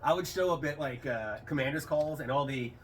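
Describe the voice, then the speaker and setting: A man's voice: a little high, a little fast. A middle-aged man, a retired airman, telling rambling stories in a casual interview. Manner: rambling, animated quoting with raised voice. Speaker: interview guest, retired Air Force. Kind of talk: casual storytelling. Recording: slightly distant mic, faint room noise.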